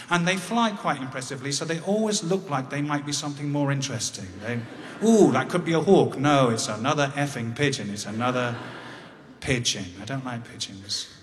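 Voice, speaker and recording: An English man in his fifties telling a personal story on stage in a wry, conversational way with halting restarts. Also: medium pitch, a bit bright. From England. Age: 50s. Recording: long hall reverb.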